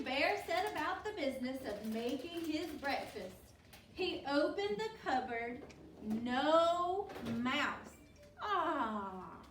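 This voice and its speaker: A woman's voice: high-pitched, slight background noise. A woman teacher reading a picture book to children, encouraging and asking pupils questions by name. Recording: roomy, distant mic.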